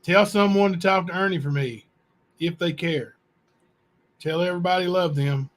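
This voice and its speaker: A man hosting a channel, reading letters aloud to viewers in a plain, unhurried way with asides. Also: high-pitched. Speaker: channel host.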